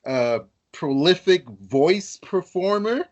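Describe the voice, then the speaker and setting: A man's voice: sits high, animated, slow pace, highs cut off. A man hosting a podcast interview, speaking in an earnest, enthusiastic way. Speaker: podcast host. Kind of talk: casual interview.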